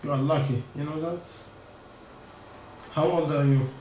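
A man's voice: fairly high pitch, steady tone, measured pace, dark tone, echoey room, recorded from a distance, slight background noise, rough recording. A man giving an informal religious talk, firing rhetorical questions and answering them himself. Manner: questioning, rhetorical, non-native phrasing. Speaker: preacher.

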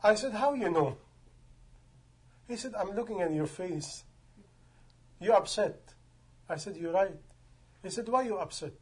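High-voiced male preacher, emphatic. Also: expressive, unhurried, pauses often, husky. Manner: emphatic, rhetorical questions, non-native grammar. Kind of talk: sermon.

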